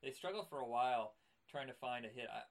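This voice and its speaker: A man's voice: mid-range voice, expressive, fast talker. A man co-hosting a casual cartoon review chat, rambling and correcting himself, laughing often. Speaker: podcast co-host.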